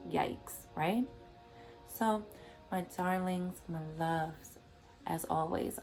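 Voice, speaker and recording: A woman with a low, gravelly voice gives motivational vlog commentary. She preaches with emphatic repetition. Faint music plays behind her. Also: a little mellow. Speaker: vlogger.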